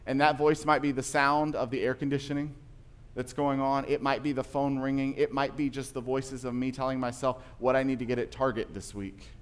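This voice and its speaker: A man's voice: mid-range voice, level tone, a little fast, clean tone. A man preaching a sermon, telling stories in a conversational way that rises to emphatic passages. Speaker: pastor.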